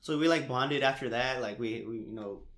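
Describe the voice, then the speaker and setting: This young man tells stories in a loose, animated way, with lots of laughs and casual swearing. His voice sits at a middle pitch. It bounces around an echoey room. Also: fairly quick. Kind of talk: casual chat.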